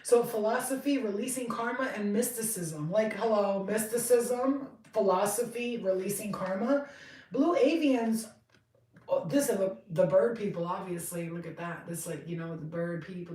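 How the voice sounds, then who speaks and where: A woman in her thirties giving a casual tarot reading, chatty and rambling, swearing freely and getting excitable. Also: medium pitch, normal speed, distant mic. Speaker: tarot reader. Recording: roomy, off-mic sound.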